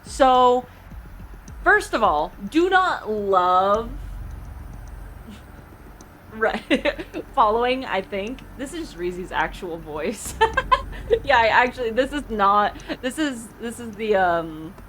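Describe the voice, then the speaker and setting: A woman's voice: fairly high pitch, animated, slow, long pauses, a bit bright, slight background noise. A woman streamer in casual, giggly chat with her viewers.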